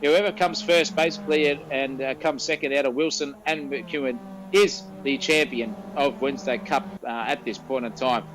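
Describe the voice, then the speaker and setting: A man's voice: medium pitch, fairly even intonation, moderate pace, rough recording. A man with an Australian accent calling a sim race, colloquial and breathless as the battle heats up. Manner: breathless, colloquial, shouting over the action. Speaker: race commentator. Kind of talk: excitable sim racing commentary.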